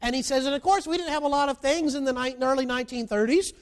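High-voiced preacher, animated. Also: male voice, quick pace. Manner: animated, shifts between loud emphatic and quiet. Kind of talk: sermon with storytelling.

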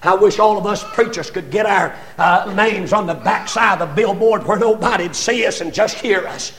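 An older man preaching a sermon, impassioned and often rising to shouts, with stammered repetitions as he builds. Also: high-pitched, moderate pace.

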